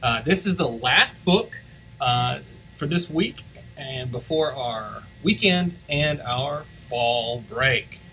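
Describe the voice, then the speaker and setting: A man reading a picture book aloud for school morning announcements, expressive and switching between English and Spanish. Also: medium pitch, slow, poor audio. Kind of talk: read-aloud storytelling.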